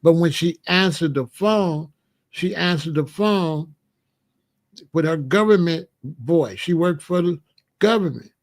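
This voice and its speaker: Gravelly-voiced middle-aged man storytelling. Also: on the high side, slow pace. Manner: storytelling, conversational, repeats phrases for emphasis. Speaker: commentator. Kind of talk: casual monologue.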